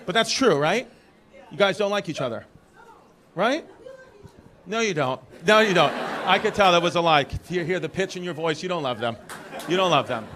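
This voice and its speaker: A brash male comedian from Brooklyn, New York rambles through crowd work on a theater stage. His voice sits fairly high, and a laughing audience comes through a noisy live recording. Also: lively intonation, moderate pace, pauses often, bright, forceful tone. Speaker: stand-up comedian. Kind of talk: stand-up comedy.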